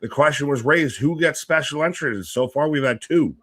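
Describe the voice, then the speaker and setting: A man co-hosting a live wrestling watch-along, rambling and animated, joking with the chat. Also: fairly high pitch, normal speed.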